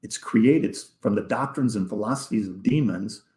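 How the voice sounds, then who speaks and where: A man, a podcast guest, telling an emotional personal story in a halting way, repeating words and sometimes dropping almost to a whisper. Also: lowish voice, warm tone. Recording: echoey room.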